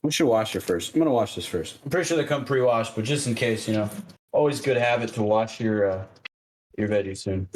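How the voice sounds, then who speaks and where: A man streaming from his home kitchen, chatting casually and joking at his own slow cooking. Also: on the low side, a little mellow, slight background noise. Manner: joking, self-mocking, unhurried.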